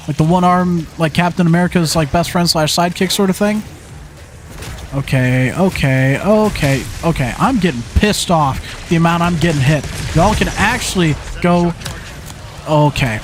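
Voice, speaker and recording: Young guy streamer cussing at zombies, kinda high voice, goes from muttering to yelling, quiet music under it. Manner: frustrated, swearing, talking to the game; flips between mumbled asides and yelled outbursts. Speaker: gaming streamer. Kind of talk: live gameplay commentary.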